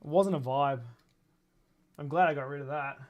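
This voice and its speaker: Male streamer, 30s, slightly high pitch, loose and crude, laughs a lot, off-the-cuff chat while building. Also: normal speed, dull audio. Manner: rambling, crude and joking, laughs often. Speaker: streamer building a toy kit. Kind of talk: casual livestream chat.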